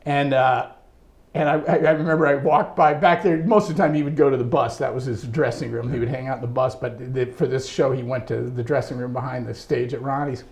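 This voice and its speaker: A man being interviewed, telling a long anecdote about his music career in a lively way, laughing often. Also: medium pitch, fairly quick, creaky. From United States. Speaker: interview guest, trombonist. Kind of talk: storytelling in casual interview.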